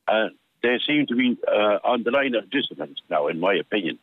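An older Irish man calling in to a radio show, telling a story with halting restarts and acting out what others said. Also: fairly low pitch, lively intonation, dry recording. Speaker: caller. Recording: tinny phone line.

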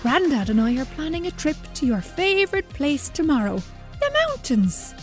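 A woman voicing a kindly grandmother who gently reassures her grandson. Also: high-pitched, big pitch swings, normal speed, faint music behind. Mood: soothing. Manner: soothing, reassuring.

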